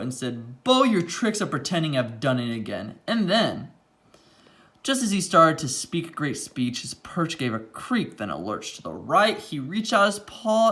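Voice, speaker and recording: A man reading a rhyming picture book aloud, pausing now and then for quiet asides about the pages. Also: a little high.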